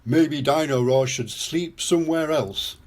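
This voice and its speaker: An older man voicing a jolly father pig in a storybook reading, with a loud hearty voice. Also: a little high, measured pace, voice pushed up.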